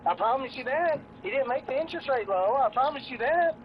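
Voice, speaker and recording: A man's voice: very high-pitched, expressive, fairly quick. A young man arguing back at his father, defensive and sarcastic. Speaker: adult son. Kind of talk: heated family argument. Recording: dull lo-fi sound with crowd noise behind. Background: crowd.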